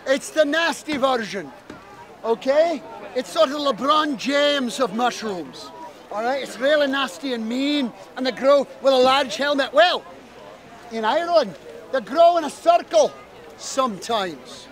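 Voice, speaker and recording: A man telling a fairy tale live to listeners outdoors, lively and fond of teasing asides. His voice is unusually high for a man, and a faint crowd murmurs in the background. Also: measured pace. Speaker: storyteller. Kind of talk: live oral storytelling to an audience. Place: outdoor event.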